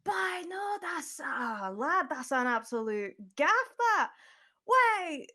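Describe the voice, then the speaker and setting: A befuddled old male professor, rambling and crude, who can't recall his own death, as a woman puts him on. The voice sits fairly high and the accent is a wobbly put-on British Isles lilt. A tabletop game character. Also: big pitch swings, slow pace, sharp tone, heavily acted. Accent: put-on British Isles accent, by own admission poorly done. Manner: forgetful, flustered, crude and rambling. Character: muddled older male professor, freshly dead.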